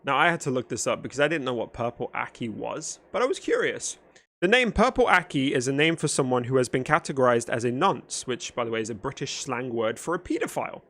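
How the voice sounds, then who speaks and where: A man from talks over clips in a mocking, deadpan way, his plain. His voice sits in an ordinary middle range. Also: medium pitch, fast talker. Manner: dry, sarcastic, mocking. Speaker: streamer making a response video. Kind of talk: commentary on clips.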